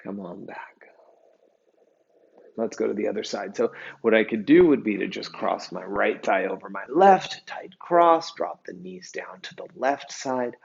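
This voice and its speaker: Male yoga teacher, gravelly and low, gives calm, steady cues through a dull lo-fi recording. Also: normal speed. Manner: calm, steady cueing of breath and poses. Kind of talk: guided yoga class instruction.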